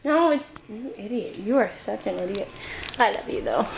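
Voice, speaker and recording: A woman's voice: normal speed, gravelly. A young woman filming a casual home video of her dog, giggling, cooing and scolding him. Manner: giggly, scolds and coos at her dog, goes shrill when excited. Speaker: dog owner vlogger. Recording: noisy home camera recording.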